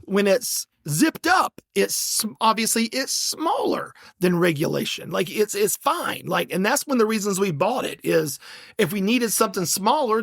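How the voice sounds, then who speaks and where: A middle-aged man hosting a podcast, telling a story in a casual, animated and exasperated way, with lots of restarts. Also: high voice, vocal fry, dry recording, clean studio sound. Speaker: podcast host.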